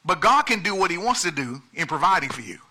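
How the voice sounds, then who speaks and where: Bright, animated man preaching. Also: sits high, fast talker, husky. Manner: animated preaching, swings from soft asides to loud emphasis. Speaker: pastor. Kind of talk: sermon.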